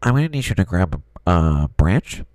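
A man's voice: sits low, big pitch swings, normal speed, a little mellow. A man playing a prim, officious emergency dispatcher with a blocked nose in an improvised comedy skit, formal and forever repeating "sir".

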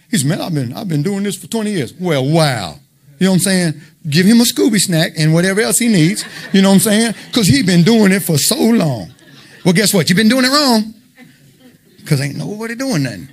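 Emphatic preacher, slightly higher voice. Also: male voice, big pitch swings, a little fast. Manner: conversational, emphatic, colloquial with rhetorical questions. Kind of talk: informal sermon.

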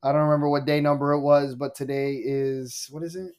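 A man's voice: fairly high pitch, fairly quick. A man, a stand-up comedian, telling a story on a podcast in a casual, profane way and acting out quotes. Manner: animated, profane, acts out quotes.

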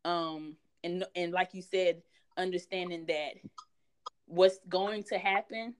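Woman, guest author; candid, conversational, low-pitched, lots of fillers. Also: steady tone, slow pace, clean tone. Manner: frank, chatty, many fillers.

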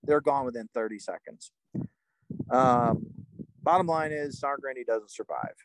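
A man's voice: medium pitch, expressive, moderate pace, low-quality recording. A middle-aged man, a retired army first sergeant, telling a war story casually, with lots of "like" and restarts. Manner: rambling, frequent "like" and restarts.

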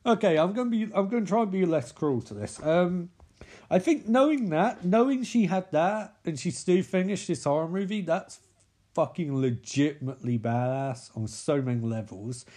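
A man's voice: on the high side, lively intonation, moderate pace, a little mellow. Sweary sarcastic man. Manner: sweary, mocking, with exasperated sighs. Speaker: film reviewer. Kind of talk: sarcastic film recap commentary.

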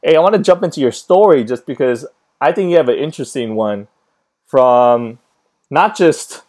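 A man hosting an interview, talking in a relaxed, conversational way. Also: medium pitch, normal speed. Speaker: host. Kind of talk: casual interview chat.

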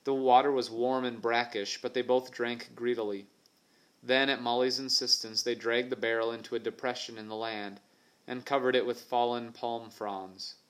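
A man narrating an adventure novel for an audiobook in a steady, even storytelling manner. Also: mid-range voice, normal speed. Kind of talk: scripted narration.

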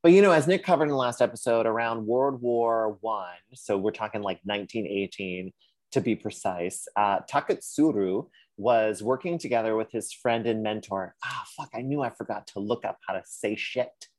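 A man co-hosting a podcast, telling a history story in casual chat, animated and swearing, with sassy put-on voices for quotes. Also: fairly low pitch, normal speed, no echo. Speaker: podcast co-host.

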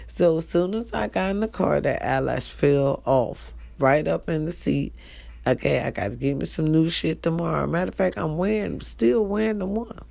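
A middle-aged woman with an African American Vernacular English accent talks straight to her listeners in a loose, swearing monologue. Her voice is dark and gravelly with a lot of fry. She is blunt and animated, and she keeps calling out to her audience. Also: low voice. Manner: profane, animated and blunt, addressing listeners directly. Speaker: online talk show host. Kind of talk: casual storytelling monologue.

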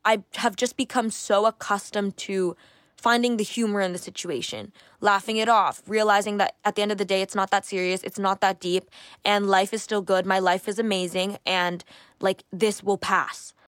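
A woman's voice: mid-range voice, steady tone, moderate pace, fairly bright tone, dry recording, studio quality. A woman in her twenties hosting a solo podcast, talking candidly and reflectively, often restarting her thoughts. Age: 20s. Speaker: podcast host. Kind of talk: casual solo podcast monologue.

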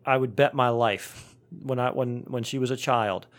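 A man's voice: medium pitch, steady tone, moderate pace. A middle-aged man co-hosting a podcast, chatting casually and rambling with frequent restarts. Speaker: podcast co-host.

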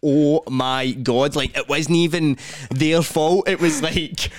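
A young man with a Glaswegian accent telling a funny story on a casual podcast, swearing freely and acting out other people's lines in quick voices. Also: a little high, dry recording. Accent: Scottish, Glaswegian. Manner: animated, acts out other people's voices in quotes. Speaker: podcast host.

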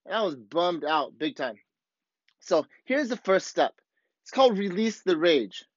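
Blunt, profane man with a higher voice. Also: very animated, measured pace, no room sound. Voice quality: blunt, profane and self-revealing. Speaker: surf coach. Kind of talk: candid motivational talk to camera. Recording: dull, slightly lo-fi dry recording.

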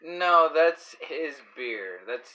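Rambling man with a bright voice. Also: on the high side, expressive, rough recording. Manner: rambling, halting, laughs often. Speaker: podcast co-host. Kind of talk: casual chat over beers.

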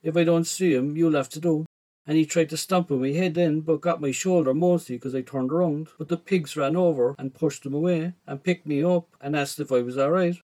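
Rough-talking Irish man telling a story. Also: a little high, fairly quick, few pauses, warm tone. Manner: rough, slangy teenage voice. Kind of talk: first-person story narration.

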